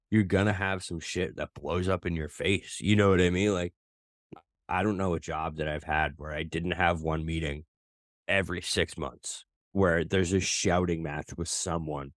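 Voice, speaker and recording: A deep-voiced man co-hosts a casual sports podcast and rambles from point to point, cursing freely and restarting his sentences. His voice is close and dry, with no room sound. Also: no echo. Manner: rambling and profane, with many restarts. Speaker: podcast co-host.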